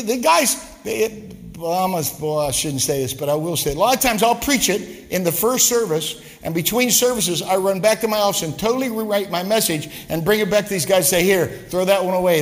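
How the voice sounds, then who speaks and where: Rambling, high-voiced male pastor preaching. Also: fairly bright tone. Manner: rambling, repeats words, humorous asides. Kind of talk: sermon. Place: church sanctuary. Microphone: live-streamed service mic. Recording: long church reverb.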